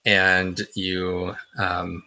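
A man's voice: low voice, monotone, extremely slow, sharp tone. A man narrating a tabletop role-playing game as game master, in a hesitant way with many fillers and restarts.

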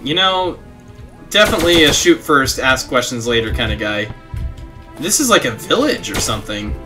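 A man's voice: medium pitch, big pitch swings, moderate pace. A young man playing a video game and chatting casually, reading game text aloud and laughing at his own antics. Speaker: gaming streamer. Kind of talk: casual let's play commentary. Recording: faint game music behind.

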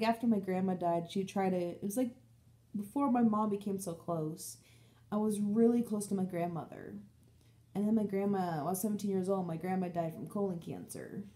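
A young woman chats casually on her book vlog in a soft, mellow voice. She rambles and restarts her sentences, hopping from story to story and slipping into quick impressions of her friends and family as she goes. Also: fairly low pitch. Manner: rambling, animated storytelling with acted-out quotes. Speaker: book vlogger. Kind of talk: casual chat.

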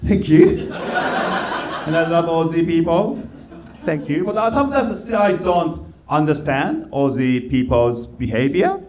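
Stand-up, Japanese-accented man, non-native English, deadpan and halting, roomy stage sound. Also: fairly high pitch, a little hiss or hum. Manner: halting, simple phrasing, deadpan complaints. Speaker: stand-up comedian. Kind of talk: stand-up comedy set. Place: comedy club stage.

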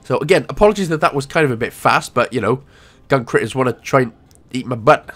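A man's voice: mid-range voice, animated, quick pace, a bit bright. A young Welsh man giving casual, rambling gameplay walkthrough commentary with jokey asides. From Wales.

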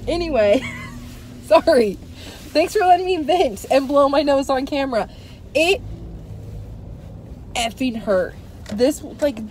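A woman's voice: high-pitched, slow pace, long pauses. A woman travel vlogger chatting casually in a rambling, venting way, with a stuffy, runny nose. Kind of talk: casual vlog chat. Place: in a car by a busy road. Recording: steady traffic noise.

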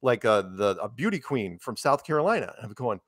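A man's voice: mid-range voice, very animated, fairly quick, no echo, studio quality. A man being interviewed, telling chatty anecdotes and laughing as he goes. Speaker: interviewed guest. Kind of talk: casual storytelling interview.

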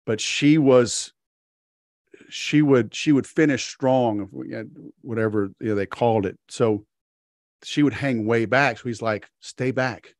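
A male podcast host talking in a loose, rambling way, full of fillers and restarts. The sound is dry and close. His pitch sits in a middle range for a man. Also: unhurried, a little mellow, no echo. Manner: acts out quoted characters in a sharply raised voice. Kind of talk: casual interview chat.

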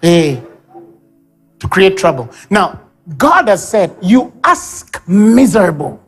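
A man with a Ugandan English accent preaching a sermon at a church service, animated, acting out sobs and baby babble and shouting key lines. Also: high voice, takes it slowly, husky, faint music behind.

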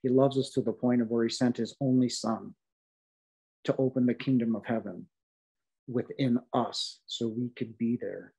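A man's voice: mid-range voice, fairly even intonation, moderate pace, vocal fry, warm tone, breathy edge, rough recording. Earnest man telling his faith story. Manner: heartfelt, emphatic, with frequent fillers and restarts. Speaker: guest sharing a near-death experience. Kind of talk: earnest testimony in a podcast interview.

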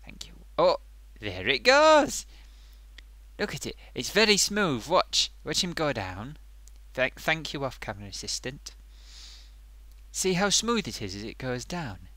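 A man voicing an excitable male sock puppet who hosts a comic makeup review, gushing and bumbling. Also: mid-range voice, dry recording. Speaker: host.

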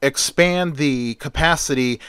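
A man reading a calm, nerdy scientist. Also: fairly high pitch, a little slow, smooth, dry recording, studio quality. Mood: serious. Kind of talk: amateur storytelling.

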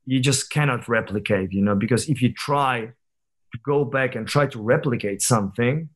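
A man's voice: medium pitch, a bit bright. A man over thirty, a guest on a podcast, telling stories in a candid, reflective way with many fillers and restarts. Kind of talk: casual conversational interview.

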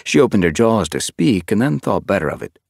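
A man narrating a fantasy audiobook, expressive and reading from a script. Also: on the low side, a little fast, gravelly, no echo, studio quality. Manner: expressive, shifting voices for characters.

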